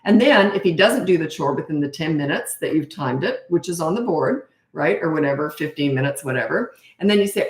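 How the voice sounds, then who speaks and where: A middle-aged woman coaching parents in a casual Q&A, blunt and matter-of-fact, now and then acting out short quotes in a higher voice. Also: expressive, a little fast, few pauses. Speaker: parenting coach answering viewer questions. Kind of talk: casual live Q&A. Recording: roomy echo.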